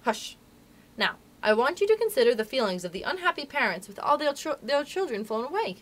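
A woman reading aloud and voicing a motherly young girl who tells a story and gently hushes the children around her. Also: sits high, big pitch swings, fairly quick, voice pushed up. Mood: hushing. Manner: earnest, gently scolding.

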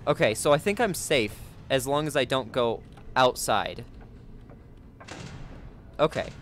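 Jumpy excitable man playing a game. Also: medium pitch, a little slow, a little hiss or hum. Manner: jumpy and excitable, gasping and yelping at scares. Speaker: gaming YouTuber. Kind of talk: let's play commentary.

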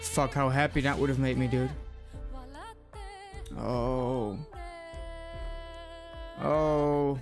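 A young man swearing freely as he reacts casually to an anime opening and ending, loud and excited at times, hushed and quiet when moved. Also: medium pitch, extremely slow, long pauses. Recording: faint music playing behind. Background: anime music playing.

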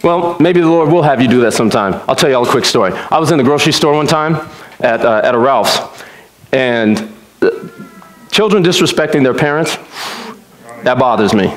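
A man preaching a sermon as pastor, an animated, joking storyteller. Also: mid-range voice, a little fast. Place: church sanctuary. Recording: echoey church room.

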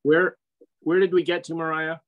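A man on a town board, chatty, asking quick questions about the minutes. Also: a little high, flat delivery. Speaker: selectboard member. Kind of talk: casual meeting talk. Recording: muffled meeting recording.

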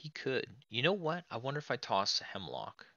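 Excitable, gravelly-voiced man playing a retro game. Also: medium pitch, normal speed, no echo, muffled recording. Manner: chatty, excitable, talks to viewers as friends. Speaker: let's play host. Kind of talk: casual game commentary.

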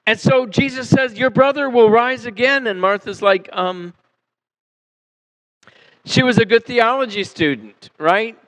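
A male pastor preaching a sermon in a church, animated and conversational, acting out the people he quotes and asking his listeners questions. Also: extremely high pitch, unhurried, low-quality recording. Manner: animated, acts out quoted voices, asks the congregation questions. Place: church sanctuary.

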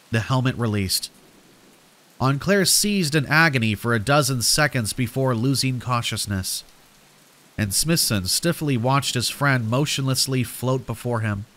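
A man narrates a scripted horror story at a steady, measured pace. His voice sits at an ordinary middle pitch, and he leans into the dramatic moments.

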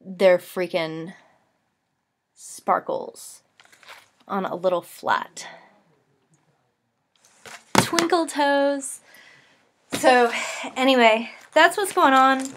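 A woman's voice: a little high, sing-song, measured pace, a bit bright, slight background noise. A woman in her twenties from the East Coast of the United States, chatting to her camera at home in a rambling way full of "like" and "um". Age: 20s. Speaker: vlogger. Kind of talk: casual chat to camera.

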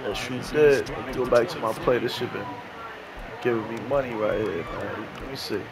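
A man trash-talking loudly and profanely at his opponent while playing a video game, laughing often. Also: medium pitch, moderate pace, creaky, a crowd in the background. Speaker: gamer.

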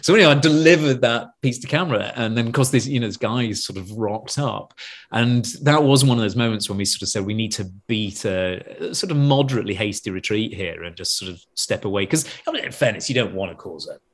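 A man's voice: on the low side, brisk. A man with an English accent, a podcast guest telling rambling anecdotes with many restarts and asides. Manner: rambling storyteller with frequent self-corrections and laughs.

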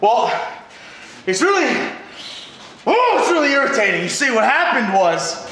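Wrestler, excitable and griping, very high voice, very echoey room. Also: male voice, measured pace, a little hiss or hum. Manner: excitable, complaining. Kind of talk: wrestling promo.

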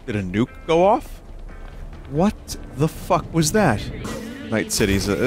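A man's voice: medium pitch, lively intonation, a little slow, darkish tone, faint music behind. A man in his thirties giving casual, joking gameplay commentary to his chat, often swearing. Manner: joking, profane, talks to chat. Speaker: streamer.

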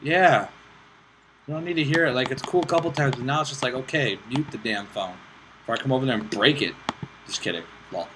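Excitable young man joking through a game. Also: medium pitch, fairly quick. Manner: excitable, joking and self-mocking, swears often. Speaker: gaming channel host. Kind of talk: casual gameplay commentary. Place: indoors, playing on a laptop with friends in the room. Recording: steady background noise with mouse clicks.

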